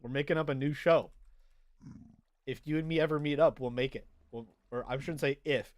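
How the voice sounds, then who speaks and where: A man's voice: fairly high pitch, steady tone, normal speed, dry recording. A young man casually chatting through a game livestream, reading out and answering viewer chat as he plays. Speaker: streamer.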